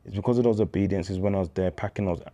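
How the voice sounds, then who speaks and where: Deep-voiced man. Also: steady tone, quick pace, mellow, highs cut off. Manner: street slang, storytelling, acts out dialogue. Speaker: interview guest. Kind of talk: candid faith testimony.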